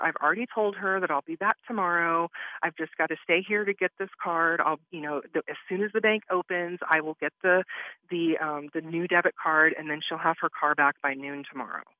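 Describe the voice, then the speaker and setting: A woman's voice: on the low side, no echo. A woman, an interview guest, retelling what happened to her in conversational storytelling, acting out the back-and-forth of quoted exchanges. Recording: muffled lo-fi line, dry.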